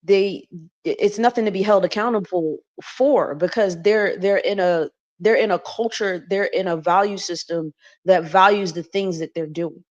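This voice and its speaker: A woman speaking as a panelist in a relaxed discussion. Her voice sits on the low side, and she talks in a halting, deliberate way. The audio is dull and lo-fi.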